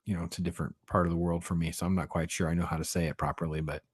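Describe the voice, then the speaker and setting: A man hosting a casual movie review chat, rambling and animated, often trailing off and restarting. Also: low voice, racing, slightly rough. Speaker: podcast host.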